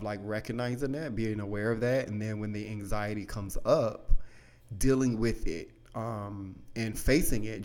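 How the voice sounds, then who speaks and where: A podcast host with a lowish voice tells a personal story in a candid, rambling style, peppered with "like," "you know," and casual swearing.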